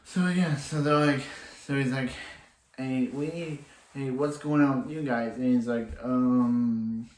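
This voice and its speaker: A man's voice: medium pitch, steady tone, unhurried, darkish tone, roomy sound, low-quality recording. Rambling man recapping a TV episode. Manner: rambling, restarting often, quoting characters in passing. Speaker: TV episode reviewer.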